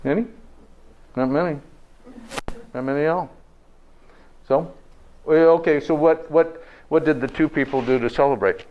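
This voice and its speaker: A man lecturing on health before a live audience speaks at a normal pace with a voice on the higher side, pausing often. He uses a folksy tone, punctuates points with "okay?", and asks listeners questions, all captured in a dull lo-fi recording.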